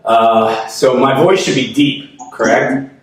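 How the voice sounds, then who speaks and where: A man's voice: medium pitch, fairly even intonation, slow pace. A man hosting a podcast, chatting hesitantly and with self-deprecating humor, recorded in an echoey room from a distance. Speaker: podcast host. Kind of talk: casual interview chat.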